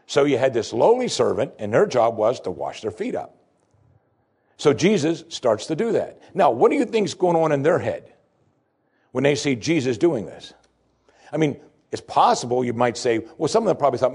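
A man preaching a sermon, explaining scripture with emphasis that rises sharply in pitch. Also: moderate pace, vocal fry, breathy edge. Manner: animated preaching, voice climbing high for emphasis. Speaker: pastor.

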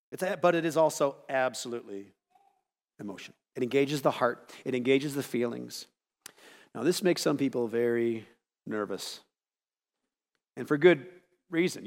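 A man from the United States preaching a sermon to his church, conversational and animated, with rhetorical asides. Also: fairly high pitch, long reverb tail. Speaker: pastor.

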